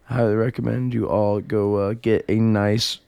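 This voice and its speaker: A man's voice: lowish voice, little pitch movement, normal speed, vocal fry, warm tone, clear, resonant tone, no room sound. A man co-hosting a podcast in casual chat, joking and nudging his partner along. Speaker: podcast co-host.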